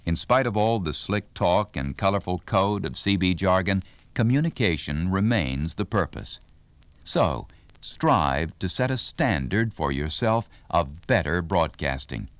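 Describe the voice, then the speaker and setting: A man giving scripted instructional narration for a training record, in a clear, deliberate announcer's delivery. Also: sits low, lively intonation, dry recording.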